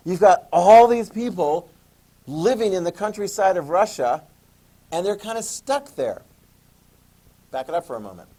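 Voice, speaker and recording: A man teaching history in a classroom, his voice sitting a bit high as he fires questions at the students, throws in jokes, and keeps the lecture animated and moving. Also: breathy edge, rough recording. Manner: animated, quizzing students, joking asides.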